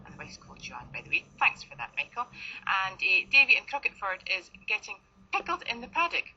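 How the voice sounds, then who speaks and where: A woman's voice: mid-range voice, wildly swooping pitch, a little fast, slight background noise. A woman co-hosting a radio show, reading out listener texts with breezy, wry asides. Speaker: radio co-host. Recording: dull broadcast radio recording.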